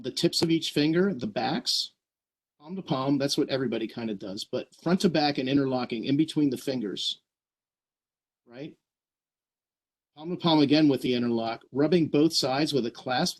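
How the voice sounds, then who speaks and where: An earnest man presents to his troop over a video call. He explains each step plainly and keeps checking in with a quick "right?". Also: medium pitch. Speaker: scout troop leader. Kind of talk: virtual meeting presentation.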